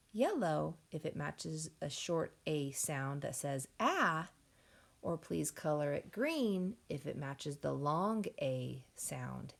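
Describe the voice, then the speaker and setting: Slow, gravelly-voiced phonics teacher woman. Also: lowish voice. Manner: slow, clearly segmented sounding-out of words; encouraging, addresses class as friends. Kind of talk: phonics lesson for young children.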